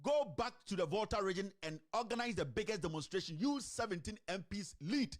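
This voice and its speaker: A man with a Ghanaian accent delivers animated political commentary in a fairly high voice. He switches between a local language and English and keeps throwing rhetorical questions at his listeners. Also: fairly quick. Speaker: online commentator.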